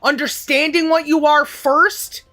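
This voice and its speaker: A woman's voice: high voice, steady tone, unhurried, sharp tone, faint music behind. A young woman hosting a livestream, rambling about philosophy in casual chat and swearing freely. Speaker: livestream host.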